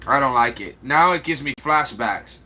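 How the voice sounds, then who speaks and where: A man's voice: medium pitch, lively intonation, normal speed, bright, forceful tone. A man with a slight Chicago accent, rambling and answering viewer comments aloud in a casual livestream chat. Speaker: livestream host.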